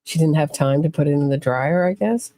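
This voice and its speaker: A woman hosting a true crime podcast live stream, chatting casually, thinking out loud and reading comments from the chat. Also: low voice, brisk, slight background noise.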